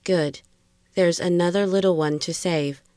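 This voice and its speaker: A woman's voice: fairly low pitch, fairly even intonation, unhurried, warm tone, no room sound, clean studio sound, close to an everyday voice. A woman reading the terse, clipped messages of an eerie smiling snowman. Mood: ominous.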